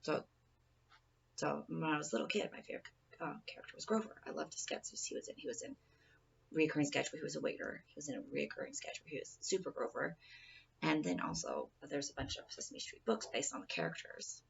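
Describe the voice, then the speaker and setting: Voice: medium pitch, animated, fast talker, gravelly, dull audio, slight background noise. A person giving an informal presentation speech in a rambling, casual way, often restarting sentences, recorded from a distance.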